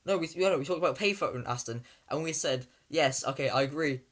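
A man's voice: a little high, a little fast, fairly bright tone. A young man co-hosting a podcast in casual chat, hesitant and full of fillers. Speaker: podcast co-host.

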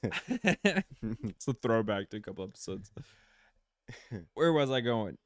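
A young man hosting a podcast, telling stories in a lively, casual way and laughing easily. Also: mid-range voice, takes it slowly, no echo, studio quality. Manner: animated storyteller, laughs easily. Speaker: podcast host. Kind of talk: casual chat.

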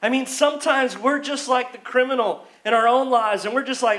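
High-pitched guy preaching in church, chatty storytelling sermon, acts out the quotes. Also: animated, a little fast, few pauses, sharp tone. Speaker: pastor.

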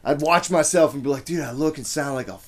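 A man's voice: a little high, quick pace. A man hosting a podcast in casual, candid chat, swearing freely. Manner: profane, candid. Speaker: podcast host.

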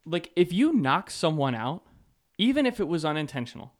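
A man's voice: a little high, very animated, moderate pace. A young man co-hosting a casual sports podcast, matter-of-fact as he chimes in to agree and add detail. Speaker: podcast co-host.

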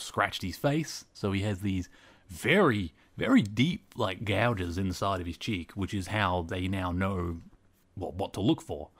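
A man hosting a podcast, recapping an episode in a chatty way with lots of fillers. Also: lowish voice. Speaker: podcast host.

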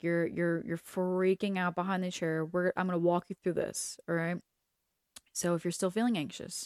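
A young adult woman hosts a casual advice talk as a hair stylist. She is blunt, candid and profane. Her voice sits a little low, and the recording is dry with no room sound. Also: darkish tone, dry recording. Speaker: podcast host and hair stylist.

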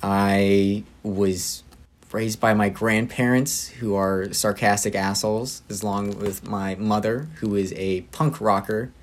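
A young man with a lowish, slow, fairly even voice co-hosts a podcast. He tells a story in a casual, rambling way, laughing and using many fillers.

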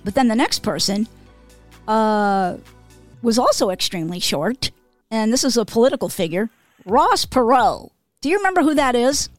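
A woman's voice: fairly high pitch, animated, normal speed, no room sound, soft background music. A woman co-hosting a podcast, telling casual stories, swearing freely and laughing between lines. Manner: swears freely, laughs, lots of "okay?" and "you know". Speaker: podcast co-host. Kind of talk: casual storytelling.

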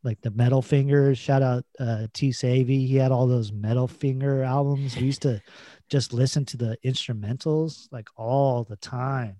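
A man's voice: medium pitch, steady tone, normal speed, mellow, dry recording, studio quality. A man co-hosting a podcast in casual chat, laid-back, swearing and laughing as he tells stories, full of "like" and "you know". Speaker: podcast co-host.

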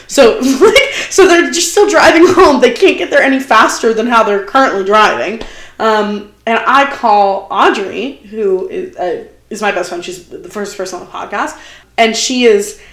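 A young woman talks in an easy, chatty way, lacing her story with fillers and acted-out quotes. Her voice sits at an ordinary pitch. The recording carries a noticeable room echo. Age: young adult. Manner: animated, chatty, many fillers and quoted asides. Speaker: podcast guest. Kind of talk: casual storytelling chat. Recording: roomy echo.

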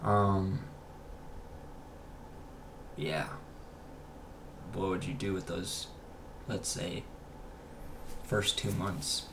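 A young man co-hosting a podcast, asking questions in a relaxed, casual chat. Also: sits low, extremely slow, pauses often. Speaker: podcast co-host. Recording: faint background noise.

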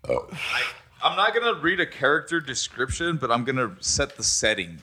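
A young man in casual chat, calmly and patiently explaining his plans as the party host. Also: medium pitch, normal speed. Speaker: party host planning a murder mystery.

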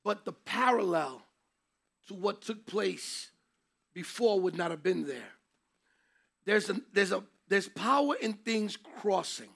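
Male Bible teacher, very high gravelly voice, emphatic preacher delivery. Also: expressive, slow, a bit bright. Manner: emphatic, preacherly, takes questions from class. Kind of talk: interactive Bible class teaching.

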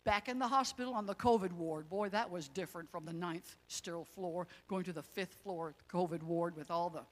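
A middle-aged woman telling her personal testimony in a casual, animated way, with emotional religious exclamations. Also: fairly low pitch, a little fast, in a large hall, slight background noise. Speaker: guest sharing a testimony.

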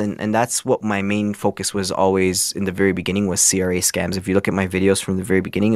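A man's voice: sits low, no room sound, clean studio sound. A young man from Canada, a guest telling a story casually with many restarts and fillers. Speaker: guest, scambaiter.

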